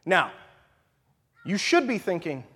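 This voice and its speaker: Guy doing a chatty bible teaching, lively up and down voice, keeps saying right?, whispers for emphasis. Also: sits high, slow, breathy edge. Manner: animated, leans on "right?" and "okay?". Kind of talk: conversational sermon teaching. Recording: long hall reverb.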